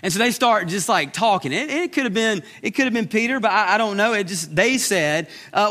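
A man preaching a sermon as pastor, animated, acting out the lines he quotes. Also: sits high, brisk, few pauses. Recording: reverberant hall.

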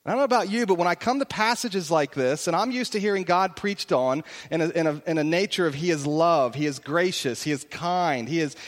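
A man's voice: high-pitched, fairly bright tone. A man preaching a sermon as pastor, earnest and searching, building to emphatic peaks. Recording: long reverb of a large hall.

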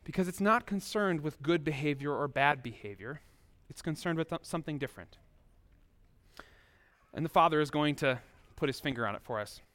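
Man, pastor, sermon, high voice, conversational, talks straight to the congregation. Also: animated, fairly quick, a bit bright. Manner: conversational, addresses listeners directly with rhetorical questions.

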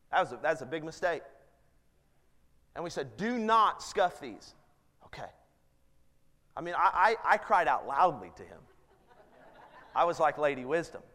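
A man's voice: on the high side, a bit bright. A man in his thirties preaching a sermon as pastor, earnest and building to emphatic appeals. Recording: long hall reverb.

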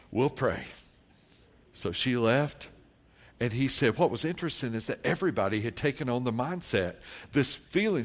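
Preaching to his flock, a man serving as pastor relates a congregational story and voices what its members said. His delivery climbs from soft, low musing to booming, elongated declarations.

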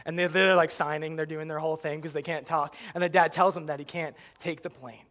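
A young man performing a stand-up comedy routine, telling animated stories and acting out his own reactions. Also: on the high side, a little fast. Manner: animated storytelling, acts out yelling at the screen.

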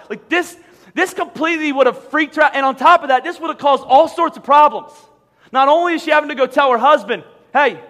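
A man's voice: extremely high pitch, a little fast, pushed and bright. A man preaching a sermon to a church audience, talking conversationally with frequent repeated words and humorous asides. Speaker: pastor. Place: large church auditorium. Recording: long hall reverb.

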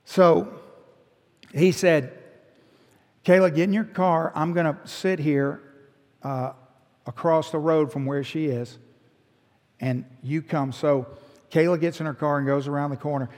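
Speaking at a measured pace with long pauses, a middle-aged man with a fairly high voice delivers a sermon story as a pastor. He is an animated storyteller who gives voice to each person in the tale, and a long hall reverb fills the recording.

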